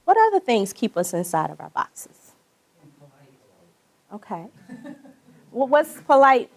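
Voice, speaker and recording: A woman from Mississippi leads an interactive workshop in a conference breakout room, telling stories and laughing along with the group. Her voice is on the high side and her pace slow, and she comes across as animated.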